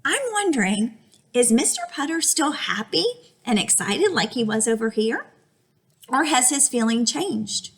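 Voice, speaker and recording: A woman's voice: on the high side, fairly bright tone. A young adult woman teaching a reading lesson to young children, reading aloud with exaggerated expression.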